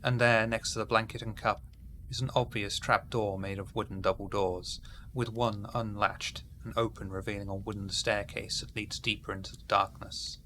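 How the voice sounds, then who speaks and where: A man running a tabletop horror game as storyteller, narrating scenes in a descriptive, measured way. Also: lowish voice, flat delivery, bright, forceful tone, slight background noise.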